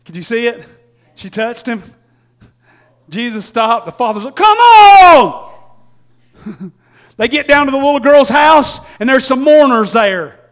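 A man preaching a sermon, folksy and laughing often, swinging from shouts to hushed tones and acting out quotes. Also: very high voice, normal speed.

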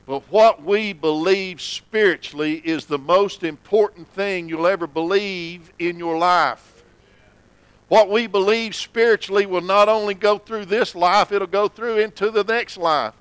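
Folksy high-voiced preacher. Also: male voice, a little slow, smooth, no room sound, rough recording. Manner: folksy and conversational, with emphatic drops to a low hush. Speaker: pastor. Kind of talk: sermon. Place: church.

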